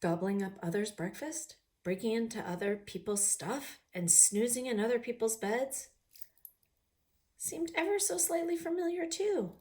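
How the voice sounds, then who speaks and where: A woman's voice: a little high, darkish tone. Woman reading a picture book aloud. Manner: pauses to ask the viewer questions.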